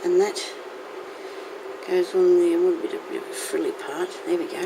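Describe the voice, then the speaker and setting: A woman's voice: on the low side, fairly even intonation, a little slow, gravelly, long pauses. A woman hosting a casual crafting tutorial, chatting to her viewers and talking to herself as she works. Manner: chatty, talks to herself while working. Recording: noisy home recording.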